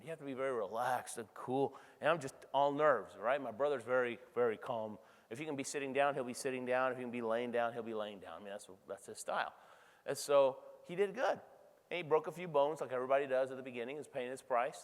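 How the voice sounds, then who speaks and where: A middle-aged man giving a motivational keynote speech, energetic and conversational, often checking in with the audience. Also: medium pitch. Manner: energetic, conversational, frequent tag questions to the crowd. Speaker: keynote speaker. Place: large convention hall. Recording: reverberant convention hall sound.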